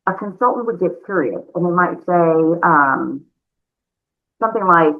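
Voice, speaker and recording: A woman giving a conversational sales training talk, chatty and animated, calling her listeners y'all. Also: on the low side, moderate pace. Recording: narrow phone-like sound.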